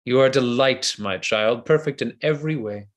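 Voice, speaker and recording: A man reading the part of a flattering, insincere noble seducer who makes flowery, ardent declarations, in a play reading over a video call. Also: mid-range voice, moderate pace, natural voice.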